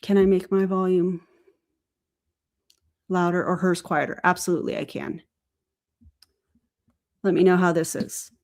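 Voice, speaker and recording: Low-voiced woman host reading aloud. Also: steady tone, darkish tone. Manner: reads messages aloud in an earnest, measured way. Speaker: host of a live stream. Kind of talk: live-stream commentary and reading aloud.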